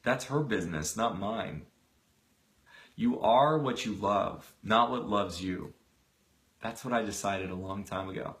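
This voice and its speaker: A man voicing a gentle, soft-spoken grown man who speaks quietly and calmly while retelling a film scene. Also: fairly low pitch, measured pace, pitched below the performer's own voice. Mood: tender calm. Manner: quiet, calm, tender.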